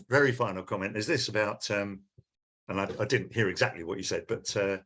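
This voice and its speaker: A man speaking at a conference panel, passionate and animated, with many fillers and restarts. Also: fairly low pitch, slightly rough.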